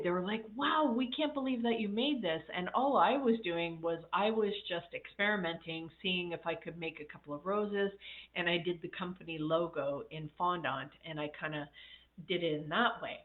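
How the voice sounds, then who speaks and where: A woman life coach on a casual livestream, telling reflective stories with many fillers and a slightly congested voice. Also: fairly low pitch. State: slightly congested, coughing after illness. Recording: tinny phone-like audio.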